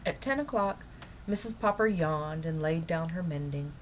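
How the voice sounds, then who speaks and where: Woman, calm measured storybook narration, read-aloud style. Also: low-pitched, slight background noise. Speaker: storybook reader. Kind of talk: reading a children's book aloud.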